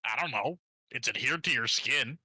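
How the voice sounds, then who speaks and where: Bright sharp-sounding guy, teasing the party in a tabletop game, dry sound. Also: mid-range voice, normal speed, slightly rough, no room sound. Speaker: player. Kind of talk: casual tabletop play.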